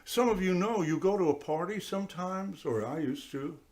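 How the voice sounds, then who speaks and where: Speaking at a moderate pace in a voice that sits high, this priest preaches a conversational sermon in church. His delivery is lively and direct, and he voices little characters for his listeners.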